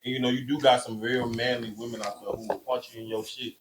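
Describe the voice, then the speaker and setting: A man's voice: medium pitch, level tone, fast, poor audio. A man talking bluntly and crudely in a casual podcast chat, laughing often.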